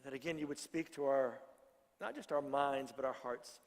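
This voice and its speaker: A man's voice: mid-range voice, moderate pace, long reverb tail. A middle-aged male pastor giving a conversational sermon, joking with his congregation. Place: church sanctuary.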